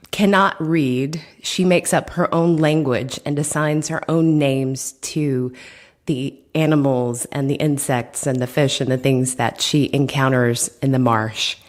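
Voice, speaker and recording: A woman interviewing an author, asking long, measured questions. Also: deep voice, steady tone. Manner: measured, asks long questions with small stumbles. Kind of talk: radio interview.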